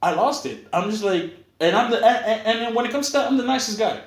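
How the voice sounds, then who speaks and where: A man with a slightly high voice tells a story with plenty of swearing and animated quoted lines. The podcast sounds casual and unscripted. The room gives his voice a noticeable echo. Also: fast. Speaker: podcast co-host. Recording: echoey room.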